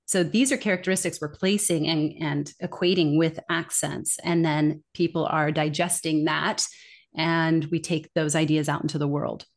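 A woman speaking as a guest expert in a podcast interview, explaining in an earnest, animated way. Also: deep voice, moderate pace. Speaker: guest expert on accent bias.

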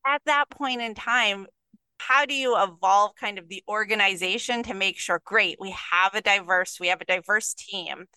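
Woman attorney host, bright crisp voice, dry close sound, thoughtful questioner. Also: mid-range voice, moderate pace, dry recording, low-quality recording. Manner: thoughtful, posing long hypothetical questions. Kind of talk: conversational interview.

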